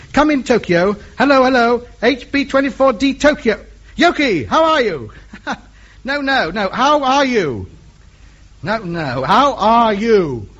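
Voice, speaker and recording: A pompous, chatty amateur radio ham, with a high voice that leaps all over the place. He talks down to the people he calls in an exasperated way. The old recording is muffled, with steady hiss. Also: breathy edge, exaggerated voice. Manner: exasperated, over-explains loudly to foreigners. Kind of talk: 1950s radio comedy acting.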